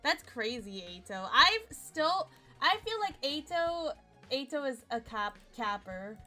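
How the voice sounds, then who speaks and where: A young woman streaming a game, chatty and excitable, with a voice still rough from a nap. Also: high voice, slow, faint music behind. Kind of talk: casual game commentary.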